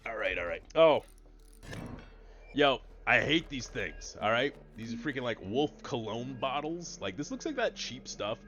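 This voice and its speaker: A man's voice: medium pitch, big pitch swings, a little slow, a bit bright, muffled recording, slight background noise. A man streaming a card game, chatting casually and explaining the rules to his chat over a headset mic. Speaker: gaming streamer. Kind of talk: casual let's-play commentary.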